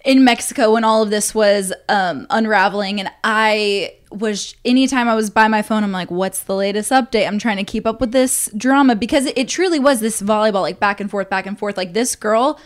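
A woman's voice: medium pitch, fairly quick, hardly any pauses. A young woman co-hosting a podcast, spilling gossip in rambling casual chat. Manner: rambling, restarts, fillers while spilling gossip. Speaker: podcast co-host.

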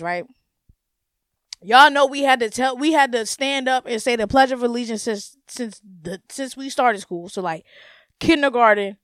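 A young woman hosting her own podcast, ranting in a blunt, profane, animated way and laughing often. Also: medium pitch, no room sound, clean studio sound. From United States. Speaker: podcast host. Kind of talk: casual solo podcast rant.

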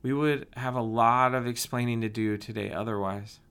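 A man voicing a grieving young woman who speaks quietly in an audiobook. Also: mid-range voice, steady tone, moderate pace, smooth, lightly acted. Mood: subdued.

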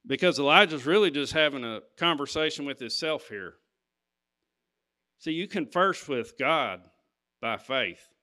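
A man's voice: on the high side, animated, unhurried, pauses often, bright, forceful tone. A man preaching a sermon, reading scripture and talking to the congregation in an emphatic, conversational way.

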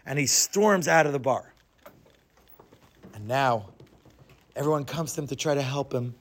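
A man telling a comic story in a dramatic way, dropping to a hush for suspense. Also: medium pitch, unhurried. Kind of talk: told joke story.

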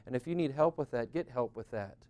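A man's voice: mid-range voice, animated, a little fast, a little mellow. A middle-aged man preaching a conversational sermon on marriage, earnest and plain-spoken, often acting out what spouses say. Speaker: pastor.

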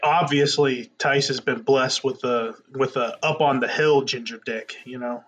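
A man's voice: medium pitch, fairly even intonation, unhurried, fairly bright tone, lo-fi sound. Teasing man in casual chat. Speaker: podcast co-host.

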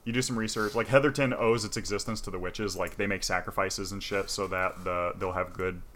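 Man, casual chat, lots of fillers and swearing, low-pitched, bright edge. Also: fairly even intonation, fairly quick. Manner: loose, profane, full of fillers. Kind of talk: casual chat retelling a game story.

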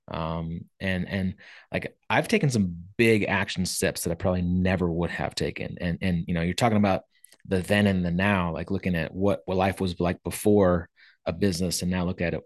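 A man's voice: sits low, no room sound, clean studio sound. A man co-hosting a podcast, sharing in a laid-back, reflective and grateful casual chat. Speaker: podcast co-host.

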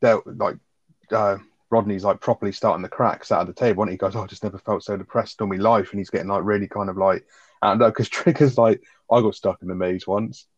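A man in a casual chat about a sitcom episode, quick and full of fillers, swearing as he retells scenes. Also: lowish voice, steady tone, breathy edge, dry recording. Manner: rapid, full of fillers like 'like', swears, quotes characters. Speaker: podcast co-host. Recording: dull lo-fi dry sound.

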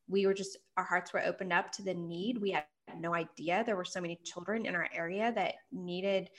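A woman's voice: fairly low pitch, steady tone, a little fast, a bit bright. A woman in her thirties, a parenting author, telling an earnest personal story in an interview and acting out quoted lines.

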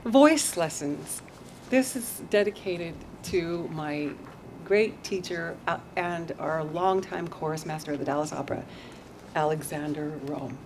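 A woman's voice: sits low, unhurried, darkish tone, a little hiss or hum. A woman poet performing her poems at a live reading, intense and dramatic by turns and wry and self-mocking by turns. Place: outdoor backyard venue.

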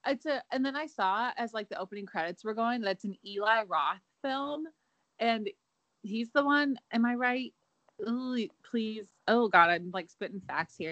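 A woman's voice: mid-range voice, a bit bright, no room sound, lo-fi sound. A young woman co-hosting a casual chat podcast, chatty and playful, filling her talk with "like". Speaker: podcast co-host.

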